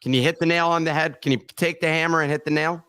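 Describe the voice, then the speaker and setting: A man's voice: a little high, fairly even intonation, quick pace, sharp tone, clean tone. A man co-hosting a podcast, teasing the crew in playful banter. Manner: teasing, jokey. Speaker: podcast co-host.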